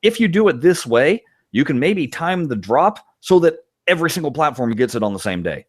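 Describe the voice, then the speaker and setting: A man's voice: a little high, big pitch swings, fairly quick. A man co-hosting a podcast in casual chat, talking with animation and acting out quoted reactions. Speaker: podcast co-host.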